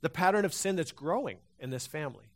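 A man's voice: on the high side, animated, quick pace. A man preaching a sermon to a congregation, talking conversationally with frequent restarts and fillers. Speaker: pastor. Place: church hall before a congregation.

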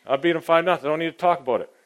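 A man delivers a loose, wandering sermon, frequently clearing his throat and veering from booming emphasis to almost-whispered asides. His voice sits fairly high and he speaks at a racing clip.

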